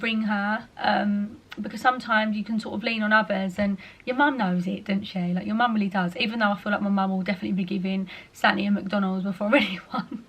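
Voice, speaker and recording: A woman's voice: mid-range voice, fairly bright tone. A young woman, answering viewer questions in a casual, chatty vlog and often slipping in "like" and "you know". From England. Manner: chatty, fillers like "like" and "you know", quoted asides in other voices. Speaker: vlogger.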